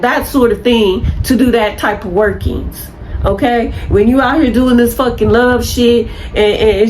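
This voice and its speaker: Woman, 50s, a slightly high voice, blunt scolding vlogger. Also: a little hiss or hum, rough recording. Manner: blunt, profane, heated lecturing. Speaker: spiritual content creator. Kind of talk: unscripted to-camera rant.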